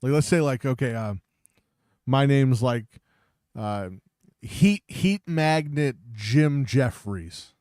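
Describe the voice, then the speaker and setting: A man's voice: medium pitch, expressive, slow, darkish tone, clean tone, no echo. Man, podcast co-host, swearing, mocking, dry close sound. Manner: profane, mocking banter. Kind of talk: casual chat.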